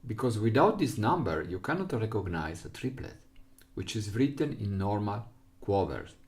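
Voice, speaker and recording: A man's voice: fairly low pitch, big pitch swings, normal speed, a little mellow. A man with an Italian accent, an Italian speaker teaching a recorder lesson in simple English, patiently explaining step by step. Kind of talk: music lesson.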